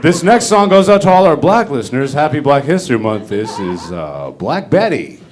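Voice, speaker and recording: A man voicing a sleepy small-town male radio DJ who mumbles slowly with hesitations. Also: medium pitch, sing-song, pitched below the performer's own voice, lightly acted. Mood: droning.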